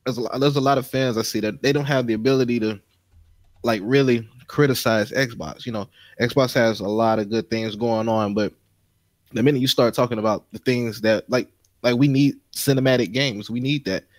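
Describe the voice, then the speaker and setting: A man's voice: mid-range voice, steady tone, moderate pace, no room sound. A man joining a casual podcast as a guest, speaking earnestly and full of slang. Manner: slangy and earnest, often saying "bro".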